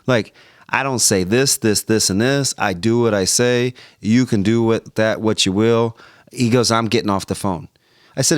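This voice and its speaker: A man speaking at an everyday pitch, telling a story as a podcast guest and acting out both voices of a phone call. He uses lots of "like"s and restarts, and the sound is dry and close to the mic. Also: expressive, moderate pace, dry recording. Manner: tells stories by acting out both sides of phone calls, many "like"s and restarts. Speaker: podcast guest, former football player. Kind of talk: animated storytelling in conversation.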